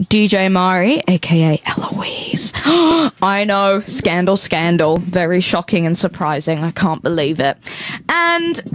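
A woman's voice: lowish voice, no room sound. Young female radio DJ, laughs a lot, loose and chatty between tracks. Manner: giggly, rambling, many ums. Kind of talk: casual community radio chat.

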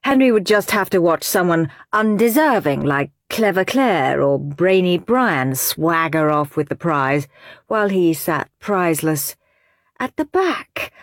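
A woman reading a children's storybook aloud with expressive narration. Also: lowish voice, a little slow, dry recording, clean studio sound.

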